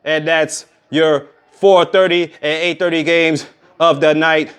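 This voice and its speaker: A man giving a casual, energetic recap of football scores, full of trash talk. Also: fairly high pitch, slow pace, smooth. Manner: energetic, trash-talking, repeats "bottom line is". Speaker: sports recap vlogger. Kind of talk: casual sports recap monologue.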